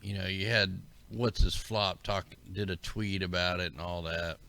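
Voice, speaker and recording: A man's voice: low-pitched, level tone, moderate pace, vocal fry, pushed and bright. A man hosting a livestream, rambling casually and conspiratorially as he talks through maps and greets his viewers. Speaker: livestream host. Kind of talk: casual commentary over maps.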